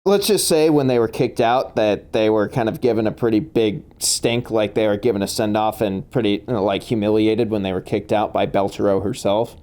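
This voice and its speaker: A man's voice: fairly low pitch, fairly quick, hardly any pauses, darkish tone. A man running a tabletop game as game master, laughing often and talking with many fillers and restarts.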